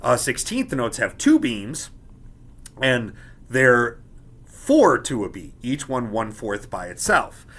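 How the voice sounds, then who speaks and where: A man with a bright, clear voice gives a beginner music lesson. He explains each step patiently and keeps checking that his students are following. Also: medium pitch, wildly swooping pitch, slow pace. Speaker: music teacher.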